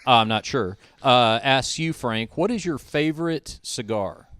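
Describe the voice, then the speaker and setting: A man hosts a relaxed podcast, drifting through anecdotes with frequent fillers and restarts. His voice sits in an ordinary middle register. The sound is dry and close, with no room around it. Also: mid-range voice, measured pace, smooth, no echo. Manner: rambling storyteller, many uh fillers. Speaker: podcast host. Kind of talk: casual podcast chat. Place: a house.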